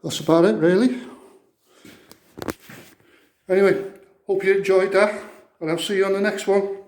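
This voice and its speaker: A man's voice: high voice, fairly even intonation, moderate pace, darkish tone. A Welsh man, a plasterer, chatting casually to his phone camera with lots of fillers and loose rambling asides. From Wales. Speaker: plasterer vlogger. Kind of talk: casual vlog chat.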